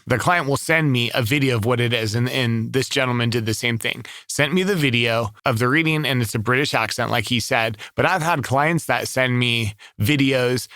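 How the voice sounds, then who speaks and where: A middle-aged voice-over artist from Southern California with a relaxed local accent, chatting casually to camera with many restarts. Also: male voice, medium pitch, dry recording, clean studio sound.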